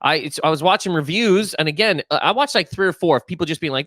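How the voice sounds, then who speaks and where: A man co-hosting a podcast in casual chat, rambling excitably with lots of restarts and swearing. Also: on the high side, fast, no room sound. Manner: rambling, excitable, profane, stumbles over words. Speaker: podcast co-host.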